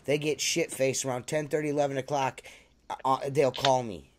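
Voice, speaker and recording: A man's voice: medium pitch, little pitch movement, moderate pace, a crowd in the background. A man hosts a loose podcast, bantering and ranting with brash, profane energy. His delivery is cocky and unfiltered. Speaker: podcast host.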